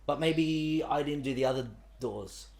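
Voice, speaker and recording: A man hosting a casual podcast, talking in a relaxed, informal way. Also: fairly high pitch, a little slow, gravelly, slight background noise. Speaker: podcast host. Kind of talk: casual conversation.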